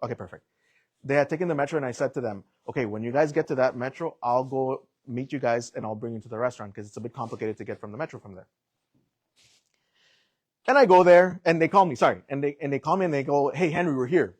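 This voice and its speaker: A young adult man preaching, telling a personal story in an animated way and acting out the voices in it. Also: mid-range voice, quick pace, dry recording. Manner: animated storytelling, acts out quotes.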